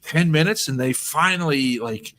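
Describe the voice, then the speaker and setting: A man's voice: on the high side, animated, normal speed, a bit bright. A man hosting a casual stream, telling a long funny story and laughing often. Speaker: streamer host.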